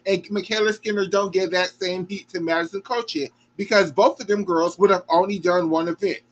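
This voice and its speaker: A man hosts a reaction show, his voice sitting a little high for a man. He talks emphatically and emotionally and swears without holding back. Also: fairly even intonation, fairly quick, highs cut off.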